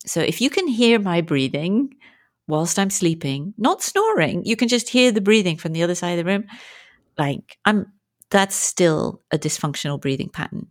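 A woman coach speaking as an interview guest, telling stories in an animated, frank way and acting out what people said. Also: lowish voice, normal speed. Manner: animated and frank, acts out quoted speech. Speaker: guest, movement and breathwork coach. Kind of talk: conversational interview storytelling.

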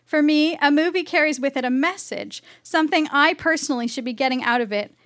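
A woman's voice: high-pitched, brisk, fairly bright tone. A woman on stage reading her dreamy teenage diary entries aloud, with wry timing.

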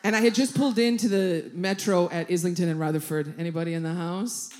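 A woman's voice: on the low side, steady tone, quick pace, darkish tone. Brash woman doing stand-up. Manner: brash, swearing, punchy storytelling. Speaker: stand-up comedian. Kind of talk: stand-up comedy set. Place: comedy club stage, audience laughing.

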